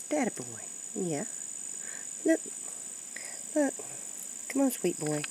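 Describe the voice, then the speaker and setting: A woman talking baby talk to a kitten outdoors, cooing in a sing-song voice that jumps high, recorded on a handheld camera. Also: very animated, slow, pauses often, mellow, slight background noise, low-quality recording. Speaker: pet owner talking to a kitten. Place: outdoors near woods.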